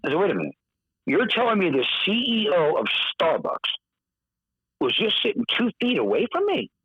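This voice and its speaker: A man telling a story in casual podcast chat, lively and acting out the voices of the people he quotes. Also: high voice, normal speed, breathy edge, dry recording. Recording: dull, dry podcast audio.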